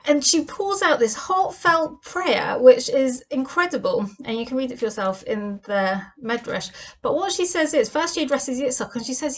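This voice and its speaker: Woman teaching torah, kinda high voice, lots of questions, earnest. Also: expressive, fairly quick. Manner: earnest, asks many rhetorical questions. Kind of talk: weekly Torah portion lesson.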